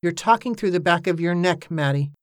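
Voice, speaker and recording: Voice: mid-range voice, brisk, no echo, clean studio sound, natural voice. A narrator reading the lines of a blunt, guarded older boatman in an audiobook. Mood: curt. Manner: curt and firm, sharp when crossed. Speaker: character in an audiobook.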